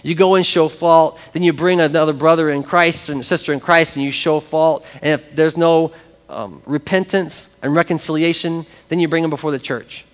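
A man preaching a sermon as pastor, animated and acting out the voices of people he quotes. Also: a little high, big-room sound.

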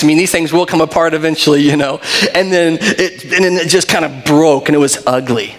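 A man's voice: a little high, fairly even intonation, brisk, fairly bright tone. A middle-aged man giving a sermon as pastor, telling a funny family story with laughter and then leading a prayer. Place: church sanctuary. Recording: reverberant hall.

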